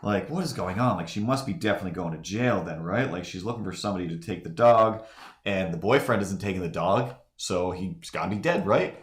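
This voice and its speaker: Low-voiced and fairly quick, a man spins a lengthy, casual tale while drawing live, his words bouncing off an echoey room. The story wanders, with constant "like"s, false starts, and impressions of the people involved.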